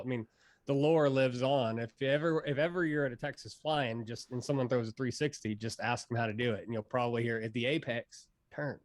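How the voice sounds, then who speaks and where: A man who is a pro hydrofoil rider, explaining tricks in a relaxed, rambling way and using many fillers. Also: medium pitch, no room sound. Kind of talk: casual instructional interview.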